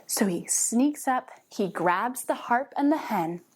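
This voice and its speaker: A young woman teaching a children's movement storytelling class, giving animated, coaxing, sing-song instructions. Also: fairly high pitch, slow, breathy edge. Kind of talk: guided movement storytelling for kids.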